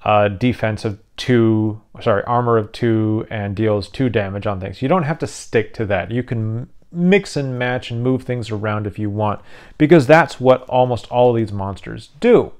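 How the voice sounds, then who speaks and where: A man's voice: lowish voice, normal speed, darkish tone, clear, resonant tone. A tired, yawning man hosting his own channel, rambling casually with frequent restarts as he explains tabletop game rules. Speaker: YouTube channel host.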